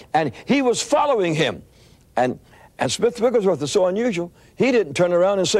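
An older man preaching, telling a story in an animated, anecdotal way with frequent restarts. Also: high-pitched, brisk. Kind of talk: storytelling sermon.

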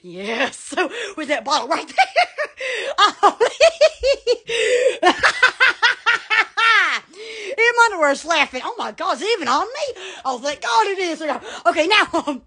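Woman hosting a livestream, loud and goofy, high and bright, voice leaping around. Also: very animated, fairly quick, few pauses. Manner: loud, silly, shrieking with laughter. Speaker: online shop seller on a livestream. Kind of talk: excitable livestream product chat.

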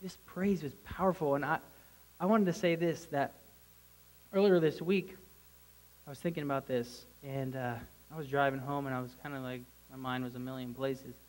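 A man preaching a casual, conversational sermon to a congregation, bursting into excited shouts. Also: medium pitch, moderate pace, low-quality recording.

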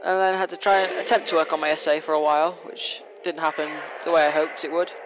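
High-voiced man, fast and rambling. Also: fairly even intonation. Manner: fast-talking, rambling, playfully taunting. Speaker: gameplay commentator. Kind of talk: casual let's play commentary. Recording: noisy home recording.

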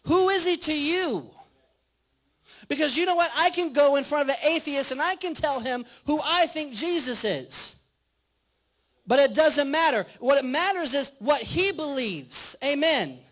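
A man's voice: very high-pitched, expressive, unhurried. A male pastor preaching a conversational sermon in a church and putting questions to his congregation. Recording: dull lo-fi livestream audio.

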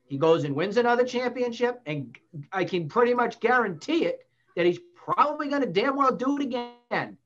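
A man's voice: high-pitched, very animated, moderate pace, a bit bright, muffled recording. A man hosting a sports talk show in a small public-access studio, ranting bluntly and swearing mildly. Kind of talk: casual sports debate.

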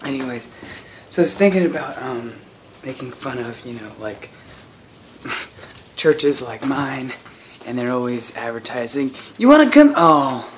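A man's voice: medium pitch, unhurried, long pauses, slight background noise. A man vlogging casually at home while making coffee, rambling with self-mocking, mumbled asides.

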